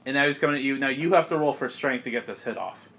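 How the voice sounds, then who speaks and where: A man's voice: mid-range voice, expressive, gravelly, sharp tone. A young man narrating as game master of a tabletop game with friends, casual and often laughing. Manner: casual, laughs often, quick voice snippets for monsters.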